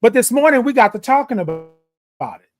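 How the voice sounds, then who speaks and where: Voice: medium pitch, animated, fairly quick. A livestream host talking straight to viewers in a passionate, emphatic way, raising the voice and repeating lines like a sermon. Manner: passionate, emphatic, raises voice, preachy repetitions. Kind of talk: animated live-stream talk to viewers.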